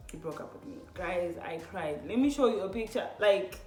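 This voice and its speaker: Young woman, low-ish voice, casual storytime, animated, chatty, echoey room. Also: normal speed, soft background music. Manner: animated, says "literally" and "like" often, talks to viewers as "guys". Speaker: vlogger.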